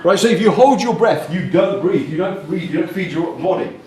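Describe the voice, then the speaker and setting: A man giving a lively, jokey, blunt conference talk on communication, bursting out loudly now and then. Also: high voice, brisk. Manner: animated, jokey and blunt, with sudden loud bursts. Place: large conference hall. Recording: distant echoey hall recording with faint noise.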